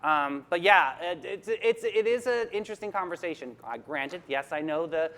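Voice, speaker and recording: A woman co-hosting a morning talk show, talking in a chatty, animated way. She moves from loose opinion chat to reading news stories aloud at a steady clip. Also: fairly low pitch, moderate pace.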